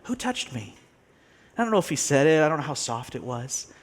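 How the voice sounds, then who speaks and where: A man preaching a sermon in a lively, storytelling way, his voice climbing and dropping a lot. His pitch sits a little high for a man, and he slips into the voices of the people he quotes. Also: fast. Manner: animated storytelling, acts out quoted characters, laughs often. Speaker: pastor.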